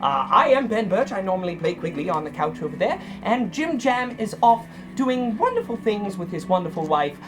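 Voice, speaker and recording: A man's voice: sits high, very animated, moderate pace, few pauses, over music. Rambling, self-mocking man hosting a game stream. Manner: self-deprecating, rambling, joking. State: sick with a cold. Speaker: stand-in game master and host.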